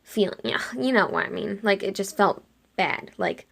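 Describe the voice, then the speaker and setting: A young woman chatting casually while she sketches, retelling a dream in an animated way and acting out her own lines with lots of "like". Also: medium pitch, moderate pace, creaky. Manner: chatty, animated quoting of herself with frequent "like". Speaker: art vlogger.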